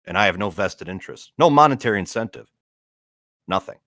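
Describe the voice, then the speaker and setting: Low-voiced deadpan co-host, dry close sound. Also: male voice, a little fast, no echo. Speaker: stream co-host. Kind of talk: casual livestream banter.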